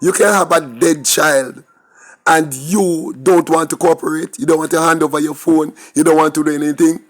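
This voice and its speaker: Man, Jamaican accent, commentator, emphatic, rhetorical, raised pitch. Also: steady tone, moderate pace. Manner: emphatic, rhetorical questions, talks to viewers directly. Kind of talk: opinionated crime commentary.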